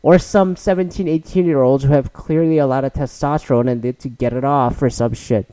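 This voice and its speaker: A man's voice: mid-range voice, fairly even intonation, a little fast, warm tone, clean tone, dry recording. A man in his thirties, a podcast host, delivering a rambling, profane, exasperated solo rant.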